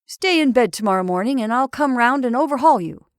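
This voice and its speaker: A woman reading the part of a brisk, reassuring male doctor who talks firmly. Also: fairly high pitch, animated, no room sound, clean studio sound, voice pushed up, close to an everyday voice.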